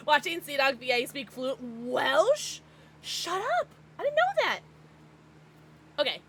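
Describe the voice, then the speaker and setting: An American woman livestreaming, chatting casually with her viewers in an excitable, bubbly way. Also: high voice, slow, slight background noise. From United States. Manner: excitable, bubbly, gasps and laughs often.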